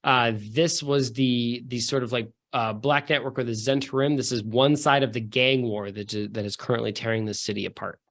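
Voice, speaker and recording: A man's voice: medium pitch, steady tone, normal speed, few pauses, a bit bright. A man running a tabletop game as game master, narrating casually with lots of fillers and self-mocking jokes.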